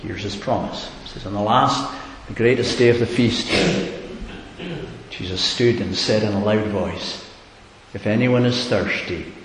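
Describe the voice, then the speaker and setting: A man preaches in a low, earnest voice that builds to emphatic repeated questions. His voice rings with a long echo off a large hall. A faint hiss runs beneath it. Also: unhurried. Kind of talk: sermon. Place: church hall.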